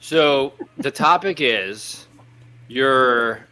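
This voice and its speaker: A man with a bright, forceful voice talks through hypothetical scenarios on a casual podcast. He rambles and hesitates, restarting his phrases as he goes. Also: medium pitch, very slow. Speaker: podcast co-host.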